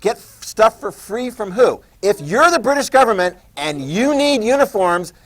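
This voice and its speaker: A man's voice: sits high, very animated, moderate pace, poor audio. A man teaching a history class in a joking lecture style, quizzing students and acting out quotes.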